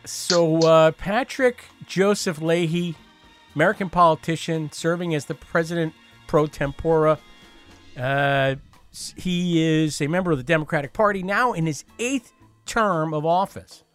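A man's voice: fairly high pitch, measured pace, fairly bright tone, soft background music. A man hosting a podcast in casual chat, jokey and chatty, with many fillers and restarts. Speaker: podcast host.

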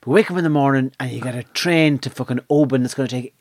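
An Irish speaker with a mid-range voice, telling lively and sweary travel anecdotes in a casual chat. The sound is close and dry. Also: mid-range voice, fast talker, dry recording.

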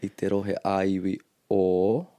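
New guy teaching, deep voice, patient, drops into maori phrases, dry close mic. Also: level tone, a little slow, mellow, no room sound. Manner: patient explaining, switches into Māori phrases. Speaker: language teacher. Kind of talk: relaxed podcast lesson.

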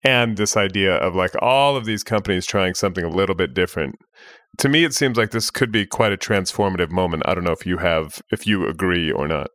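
A man's voice: sits low, brisk, a bit bright, no room sound, clean studio sound. A man interviewing a guest, asking loose, rambling questions in a conversational way.

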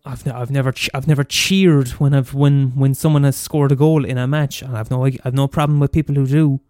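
A man's voice: mid-range voice, fairly even intonation, brisk, warm tone, dry recording. Man, limerick irish accent, comedic rant, sweary, exasperated, repeats himself, dry close sound, faint music behind. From Limerick, Ireland. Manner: profane, exasperated, full of restarts and repetitions.

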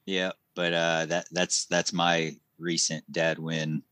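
Deep-voiced man, dry close sound. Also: takes it slowly, dry recording. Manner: earnest, laughs often, relaxed. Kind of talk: casual chat.

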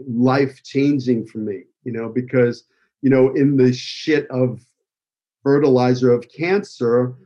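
Here the man's voice is medium in pitch and dark, with a breathy edge, and the audio is dull. An acting school owner with a New York accent, he delivers an emotional, rambling tribute full of fillers as a heartfelt personal speech.

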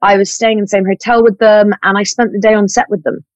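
A woman's voice: medium pitch, quick pace, no echo. Chatty actress in her thirties. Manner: chatty and animated, with fillers and self-corrections. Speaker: actress guest. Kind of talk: casual interview chat.

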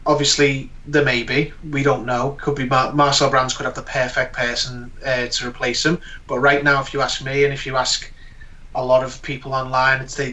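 A man's voice: mid-range voice, bright, forceful tone. A man giving his views as a guest pundit in a casual chat, earnest and full of fillers and restarts. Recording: voice distant from the mic.

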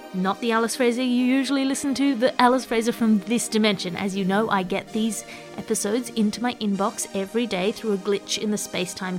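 A woman hosting a comedy news podcast, reading a scripted roundup with dry, playful, self-mocking humor. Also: mid-range voice. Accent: Australian. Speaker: podcast host.

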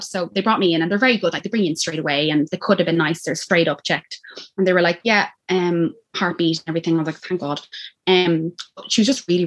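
Irish woman, thirties, quick casual storyteller, lowish voice. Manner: animated, acts out quoted lines. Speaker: guest telling her birth story.

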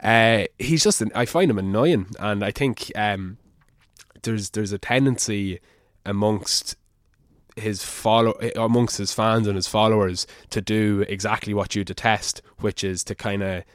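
A man's voice: on the low side, steady tone, unhurried, no room sound, clean studio sound. A young man in casual podcast chat, giving blunt opinions and swearing now and then.

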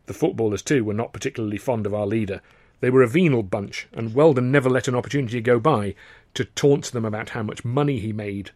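A man narrating his own novel in a wry, measured way. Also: mid-range voice, darkish tone, dry recording, clean studio sound. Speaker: author and narrator. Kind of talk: scripted audiobook narration.

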